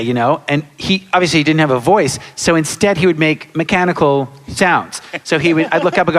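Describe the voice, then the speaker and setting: A man in his sixties, a guest on a live convention panel, telling lively anecdotes and acting out quotes and sound effects. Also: fairly high pitch, fairly quick, hardly any pauses. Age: 60s. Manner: animated storyteller, acts out quotes and sound effects. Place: large hall with live audience. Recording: reverberant hall.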